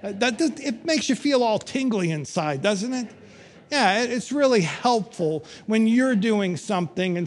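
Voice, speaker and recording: A middle-aged man preaching a sermon, telling stories with wry humor and emphatic pauses. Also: high voice, lively intonation. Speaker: pastor.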